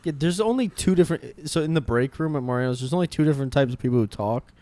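A young man tells stories in a loose, rambling way, piling on likes and restarts. His voice sits at a middling pitch and sounds dry and close, with no room around it. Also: fast talker, warm tone, no echo. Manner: rambling storyteller, lots of "like". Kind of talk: casual chat.

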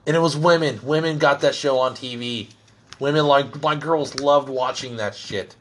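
A middle-aged man on a profane, comedic rant, talking bluntly and crudely with constant swearing. His voice sits at an ordinary mid pitch and keeps rising with heat as he works himself up. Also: normal speed, a bit bright, a little hiss or hum.

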